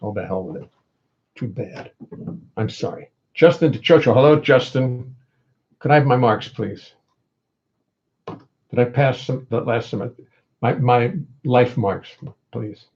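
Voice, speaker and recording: On a home livestream, an older man talks in a medium-pitched, darkish voice, a little slow with long pauses, rambling casually and wryly reading viewer comments aloud. His computer audio input gives dull, lo-fi sound.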